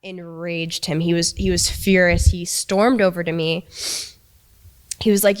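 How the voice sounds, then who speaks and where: A young woman recounting a frightening relationship in a halting way, with many restarts and quoted lines. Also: lowish voice, fairly even intonation, smooth. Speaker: interviewee recounting abuse. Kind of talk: emotional storytelling.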